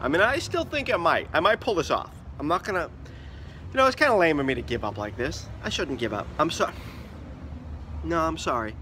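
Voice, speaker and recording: A man talking to camera outdoors on city streets, joking through a mock presidential campaign with drawn-out, sing-song slogans. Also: fairly high pitch, sing-song, pushed and bright, a little hiss or hum. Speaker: vlogger running a joke presidential campaign. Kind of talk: casual vlog to camera, mock campaign speech.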